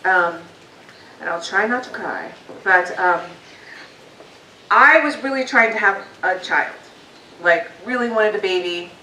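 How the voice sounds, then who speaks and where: A woman gives a candid motivational talk to a live audience, chatting loosely with plenty of ums. Her mid-pitched voice is heard from some distance off the mic. It carries round an echoing hall, with a faint hum of room noise underneath. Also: animated, a little slow, long pauses, sharp tone. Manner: candid, conversational, frequent fillers. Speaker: guest speaker.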